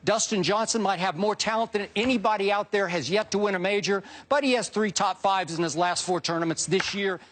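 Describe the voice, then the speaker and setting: Emphatic high-voiced male sports debater. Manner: emphatic, building excitement, quick asides.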